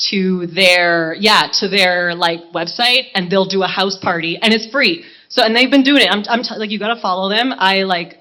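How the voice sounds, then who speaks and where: A woman's voice: fairly low pitch, bright, forceful tone. A woman in her thirties, a singer talking to a live audience between songs, gushing and laughing at herself in chatty banter. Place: live charity event stage. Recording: dull, muffled live recording.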